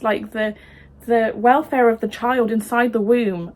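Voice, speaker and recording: An emotional woman vlogger speaking straight to her viewers. She talks in an impassioned, halting way, stumbling over restarts and filling pauses with ums as she works herself up. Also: fairly high pitch. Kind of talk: opinion vlog to camera.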